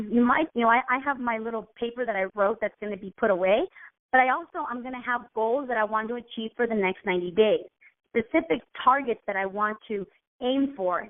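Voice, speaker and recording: A woman giving a casual motivational talk, earnest and rambling, often restarting her sentences. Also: on the high side. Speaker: motivational coach. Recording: tinny phone line.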